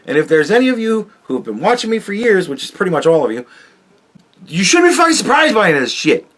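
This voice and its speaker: Guy ranting on his show, cussing a lot, voice a bit high and bouncing all over the place. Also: quick pace. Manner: profane, animated, swings from loud outbursts to low mutters. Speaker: podcast host. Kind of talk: ranting political commentary.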